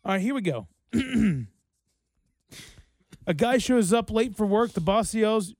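A man's voice: high voice, lively intonation, measured pace, long pauses, darkish tone, dry recording. A man in his thirties hosting a radio show in casual banter, telling jokes with little put-on quotes. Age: 30s.

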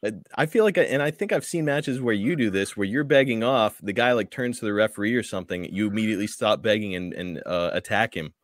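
A man's voice: fairly low pitch, fast, hardly any pauses, no echo, clean studio sound. A man co-hosting a podcast who asks curious, thoughtful questions in a casual interview.

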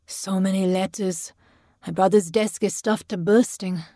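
A woman's voice: mid-range voice, fairly even intonation, unhurried, mellow, dry recording, clean studio sound. A woman voicing a drunk, jovial, overbearing middle-aged man who talks in a slurred, teasing way. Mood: wheedling.

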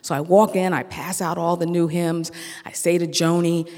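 A storyteller on a theater stage, telling a personal story with animated energy and acting out each exchange of dialogue. The voice carries a long hall reverb, and its pitch sits in the middle of the usual range. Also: normal speed.

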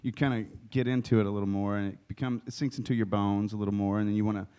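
A man's voice: lowish voice, level tone, rapid-fire, warm tone, smooth. A man, a guest musician, chatting casually and joking about his band's records. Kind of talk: casual chat.

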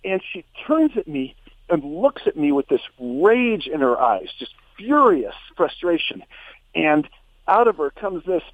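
A male psychotherapist, a guest on a show, tells a personal story with animated shifts in his voice. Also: on the high side, unhurried, no echo. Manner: animated storyteller, voice rises for quoted lines. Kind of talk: anecdotal storytelling. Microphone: phone. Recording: tinny phone line.

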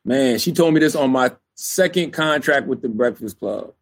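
A man from South Carolina, a radio host guesting on an interview, talking in a relaxed, chatty way. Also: medium pitch, normal speed. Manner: relaxed, chatty, many fillers like "you know". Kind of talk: candid interview conversation.

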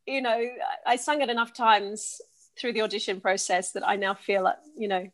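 Aussie-raised actress being interviewed, bubbly, chatty, pokes fun at herself, middle pitch. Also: female voice, normal speed, fairly bright tone. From Australia. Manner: bubbly, chatty, self-deprecating. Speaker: musical theatre actress, guest. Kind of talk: casual interview chat.

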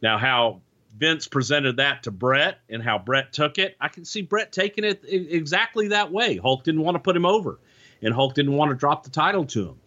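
A man's voice: a little high, moderate pace, sharp tone. A man on a podcast recalling backstage wrestling politics in a rambling, casual way, full of "you know" and restarts. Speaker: former wrestling insider guest. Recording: dull lo-fi sound.

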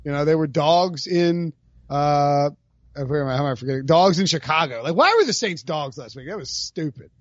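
A man co-hosting a sports betting chat, brash and heated, calling picks with loud rising outbursts. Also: fairly high pitch, moderate pace, no room sound, dull audio. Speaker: podcast co-host making picks.

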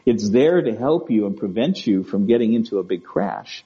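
A man speaking as a guest in a conversational interview. He talks gently, restarts his words and often checks in with "right?" and "you know?". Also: on the low side, expressive, normal speed. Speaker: guest speaker on emotional wellbeing. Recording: dull lo-fi audio.

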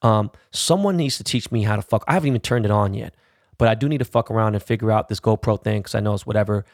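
A man in his thirties with a lowish, gravelly voice holds forth in a casual, rambling rant. He is brash and swears freely. The sound is dry and close, with no room echo. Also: darkish tone. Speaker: car vlogger. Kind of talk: casual profane vlog rant.

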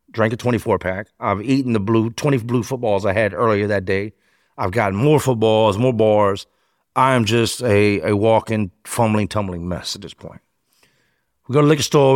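A man with a fairly low voice tells his story in a close, dry recording. He talks like a natural storyteller and slips into quick impressions of the people he quotes. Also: no echo. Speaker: interview guest.

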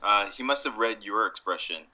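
A young man co-hosts a casual sports podcast, dry and wry, deliberately playing dumb for laughs. His voice sits on the low side with a bright, forceful tone.

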